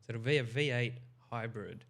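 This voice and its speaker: A man's voice: medium pitch, normal speed, fairly bright tone. A man on a podcast, making matter-of-fact points about cars with dry quips. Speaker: podcast co-host. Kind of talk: casual chat.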